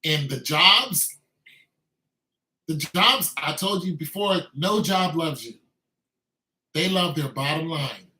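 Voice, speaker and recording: Emphatic high-voiced ranting man. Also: animated, takes it slowly, long pauses, pushed and bright. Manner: emphatic, repetitive, scolding. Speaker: video commentator. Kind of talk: ranting commentary. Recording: echoey room.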